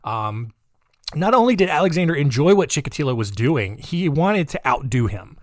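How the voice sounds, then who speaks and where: A man's voice: on the high side, sing-song, moderate pace, no echo, studio quality. A man hosting a podcast, telling a true-crime story in a casual, digressive and jokey way with lots of fillers. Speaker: podcast host.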